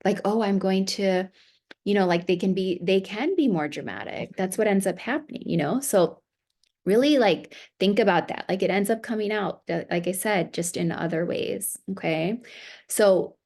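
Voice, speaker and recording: A woman family therapist giving a seminar talk to parents, conversational and coaching, with an American accent. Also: lowish voice. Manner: conversational, warm coaching with acted parent quotes.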